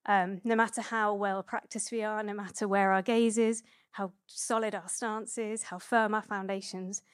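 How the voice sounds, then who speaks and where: A woman in her thirties gives a conversational sermon in an easy, chatty, relaxed manner, full of little fillers and self-corrections. Her clean-toned voice sits at an ordinary middle pitch and moves at a moderate pace. The recording is dry and close, without room echo.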